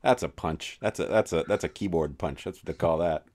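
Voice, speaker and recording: A man's voice: sits low, brisk, a little mellow, a little hiss or hum. A man co-hosting a podcast in casual chat, rambling and profane with many restarts. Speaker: podcast co-host.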